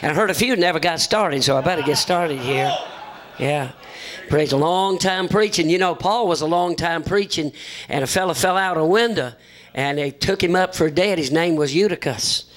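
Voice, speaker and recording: A man's voice: on the high side, moderate pace, fairly bright tone. Folksy preacher man telling jokes. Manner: folksy joking, acts out voices in his stories. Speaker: visiting preacher. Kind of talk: folksy sermon with humorous stories.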